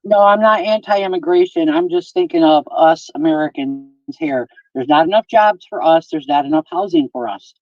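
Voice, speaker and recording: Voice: mid-range voice, very animated, normal speed, hardly any pauses, lo-fi sound. A guest on a livestream call who speaks bluntly and swears freely, pressing points emphatically.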